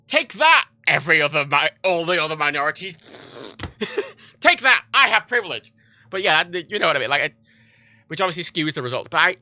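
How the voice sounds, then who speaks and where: A man's voice: mid-range voice, bright, forceful tone, dry recording. A man livestreaming from home, chatting in a rambling, profane way and often cutting himself off. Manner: rambling, profane, self-interrupting. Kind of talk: casual rambling chat.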